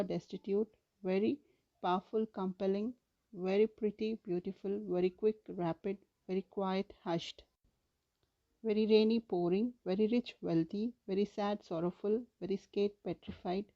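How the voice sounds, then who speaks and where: A woman English teacher reading a vocabulary list in a steady, measured way. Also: mid-range voice, lo-fi sound.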